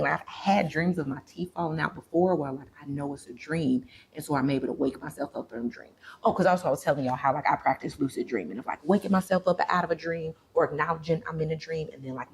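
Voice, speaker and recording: A woman vlogger telling a story to her viewers in a chatty, animated way, full of fillers. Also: sits low, quick pace, gravelly, hardly any pauses, slight background noise.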